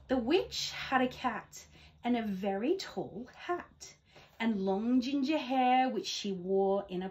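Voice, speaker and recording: A woman, a teacher, reading a rhyming picture book aloud to children at home in a gentle, expressive way. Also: fairly high pitch. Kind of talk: read-aloud storytelling for children.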